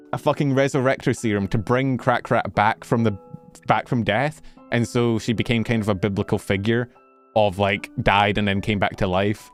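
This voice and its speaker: A man streaming as a VTuber, rambling casually to his chat, a little out of breath in a warm room. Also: fairly low pitch. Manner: rambling, self-interrupting, animated. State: slightly out of breath. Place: warm bedroom.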